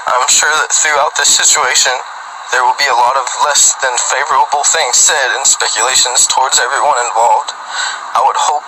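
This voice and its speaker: Tearful man reading a formal statement. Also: medium pitch. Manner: steady, formal, reads from paper. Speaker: grieving father giving a statement. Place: outdoors. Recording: clip with loud background noise.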